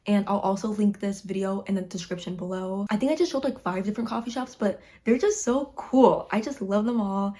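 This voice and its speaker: Chatty young woman with a mellow voice. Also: medium pitch, steady tone, fast, hardly any pauses. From Chicago, United States. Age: 20s. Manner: chatty, bubbly, heavy use of "like". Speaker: vlogger. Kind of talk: casual talking-head vlog. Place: home room in winter.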